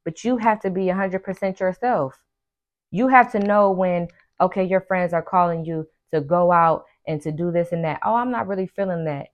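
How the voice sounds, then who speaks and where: A woman with a lowish voice talks straight to her listeners like a life coach on her own show. She preaches with emphasis and circles back to the same phrases again and again. Now and then she slips into quick impressions of her friends. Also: fairly even intonation, highs cut off. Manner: acts out friends' lines in quick asides. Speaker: podcast host and life coach. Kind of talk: casual motivational monologue.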